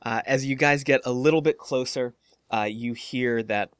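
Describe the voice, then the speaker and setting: A man's voice: medium pitch, normal speed, clean tone, no room sound, clean studio sound. Man narrating as game master, full of ums. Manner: relaxed, filler-heavy narration.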